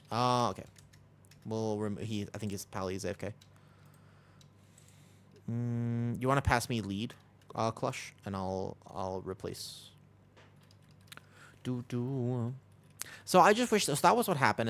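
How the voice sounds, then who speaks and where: A man chatting casually with his viewers as he streams an online game, rambling with lots of "like" fillers and breaking off for quick game callouts. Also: lowish voice. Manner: rambling, many "like" fillers, talking to chat between game callouts. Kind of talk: casual chat while livestreaming a game.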